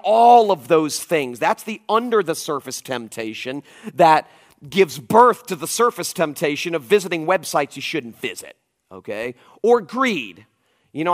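In a church auditorium, a pastor in his forties preaches a conference sermon, telling animated, emphatic stories and often turning aside to address the audience. His voice is on the high side.

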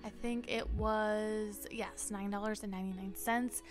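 A woman's voice: mid-range voice, fairly even intonation, unhurried, soft background music. A young woman vlogger gushing with enthusiasm as she narrates a home decor shopping haul in a voiceover. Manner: enthusiastic, gushing over finds.

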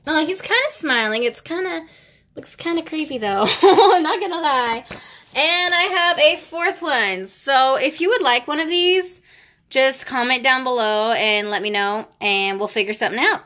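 An excitable young woman chats her way through an album unboxing, her voice a bit high and full of gushing delight. She gasps, giggles and slips into soft whispers, a casual vlogger talking straight to her viewers. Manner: drops to hushed whispers at times.

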